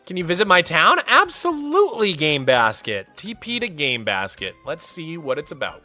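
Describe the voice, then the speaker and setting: A man's voice: sits high, wildly swooping pitch, moderate pace, few pauses, soft background music. A man streaming a game live, chatting casually and playfully with viewers, laughing often and greeting newcomers by name. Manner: soft baby talk to his cat. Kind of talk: casual livestream chat.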